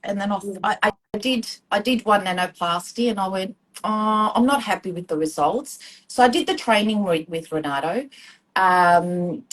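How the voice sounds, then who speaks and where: In a low-quality recording, a woman in her forties with an Australian accent speaks at medium pitch and normal speed. She's a hairdresser and student guest on a live-stream chat, telling her story in a chatty, rambling way, full of ums and acted-out quotes.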